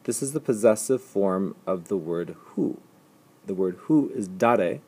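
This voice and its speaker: Male teacher, low husky voice, patient step-by-step explainer who repeats examples slowly. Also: lively intonation, darkish tone. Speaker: language teacher. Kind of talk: recorded slide lecture.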